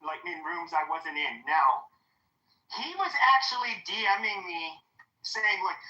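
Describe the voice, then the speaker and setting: A woman's voice: on the low side, a little slow, sharp tone, dull audio. A woman hosting a heated online audio room, talking in a combative, profane and taunting way. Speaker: host. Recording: roomy echo, online audio chat.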